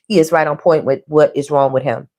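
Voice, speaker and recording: A woman's voice: low voice, steady tone, fairly quick, mellow. A woman giving a casual spoken tarot reading, chatty and repetitive, restating each point twice. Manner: chatty, repetitive, relays messages in quotes. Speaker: tarot reader.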